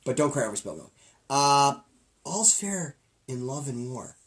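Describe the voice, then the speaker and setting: A middle-aged man co-hosting a casual comedy podcast, jokey and rambling, jumping from loud bits to low mumbles. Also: very animated, measured pace. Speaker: podcast co-host.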